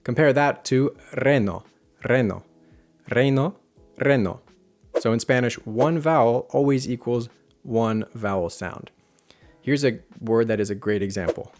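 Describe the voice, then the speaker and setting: Man teaching pronunciation, calm and measured. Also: medium pitch, soft background music. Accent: American English. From United States. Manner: clear, deliberate, repeats example words slowly. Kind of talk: scripted online lesson.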